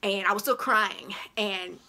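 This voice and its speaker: A woman vlogger recounting a personal story with an emotional, animated delivery. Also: medium pitch, unhurried. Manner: animated, reliving events in a rising voice. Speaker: vlogger recounting her childbirth.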